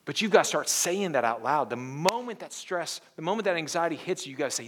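Man, pastor, sermon, earnest, hushed to emphatic, call-and-response, fairly high voice. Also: sing-song, fairly quick, few pauses.

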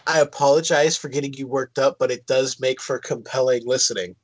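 A man's voice: medium pitch, fairly even intonation, fairly quick, no room sound, highs cut off. A man co-hosting a casual movie chat, making wry, joking asides. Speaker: podcast co-host.

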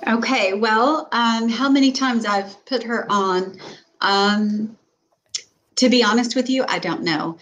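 A woman's voice: a little high, slow, a bit bright, muffled recording. A woman co-hosting a casual talk show, telling stories with lots of fillers and restarts. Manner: storytelling with many fillers and restarts. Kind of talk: casual chat.

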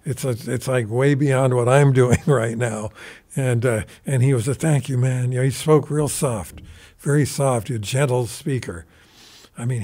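A man's voice: medium pitch, normal speed, a little mellow. An older man casually telling a long anecdote as a guest musician, acting out what people said. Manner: rambling anecdotal, mimics quoted voices. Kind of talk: casual storytelling.

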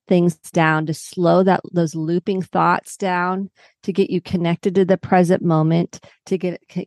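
A calm woman therapist talks through her work in a relaxed, reflective manner. Her voice sits a little low, and the recording is close and dry. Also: no echo. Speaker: therapist guest. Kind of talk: casual podcast interview.

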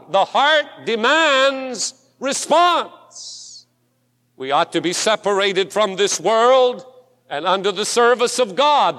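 A man preaching a sermon as pastor, with rising fervor and dramatic pauses. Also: high-pitched, a bit bright. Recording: long hall reverb.

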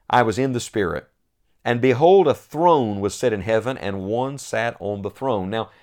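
A pastor preaching a sermon, slowing down to stress scripture readings. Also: male voice, medium pitch, darkish tone.

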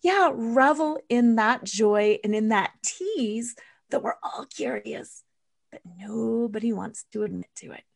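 A woman's voice: a little high, unhurried, creaky. A woman in her fifties, a guest in an interview, telling stories and acting out her own thoughts. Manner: animated storyteller, acts out her own thoughts. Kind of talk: casual interview chat.

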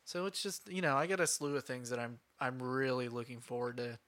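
A man co-hosting a book podcast, speaking in a halting, hesitant way during casual chat. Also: medium pitch, fairly even intonation, fairly bright tone. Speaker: podcast co-host.

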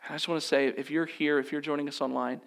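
A pastor delivering a sermon at a church service, earnest and steady, building his points through repeated phrases. His voice sits on the higher side for a man. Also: fast talker, vocal fry. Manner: earnest, repetitive preaching cadence. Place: church service, also streamed online.

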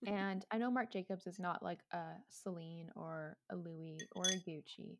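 A woman's voice: on the low side, moderate pace, lo-fi sound, noisy background. A young woman co-hosting a podcast, telling stories in casual, emphatic chat. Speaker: podcast co-host.

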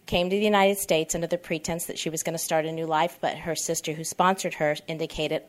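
A woman of around fifty gives a personal share at a twelve-step meeting in a meeting room, candid and rambling and often backtracking. Her voice is low, her intonation fairly even, and she speaks a little fast.

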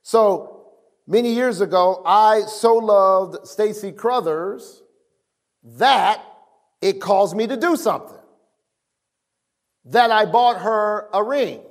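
A man's voice: sits high, takes it slowly, long pauses. A middle-aged man preaching a sermon, emphatic and casual, calling on the congregation to answer back. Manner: emphatic, call-and-response with the congregation.

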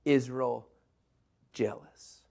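A man teaching a Bible lesson in a sermon style, animated, telling stories and moving between loud emphasis and quiet asides. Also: medium pitch, very slow, gravelly.

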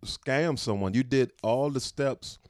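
Guy cohosting a podcast, laughs constantly, talks slow, dry close mic. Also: mid-range voice, no room sound. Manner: laughs a lot, slow drawn-out remarks. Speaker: podcast co-host. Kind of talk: casual chat.

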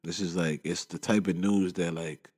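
A man's voice: low-pitched, steady tone, moderate pace, darkish tone, husky, long reverb tail. A man in his twenties hosting a podcast alone, talking in a loose, rambling monologue full of fillers, shaken and upset. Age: 20s. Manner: rambling, constant "you know what I'm saying" fillers. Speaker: podcast host. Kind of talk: casual solo monologue.

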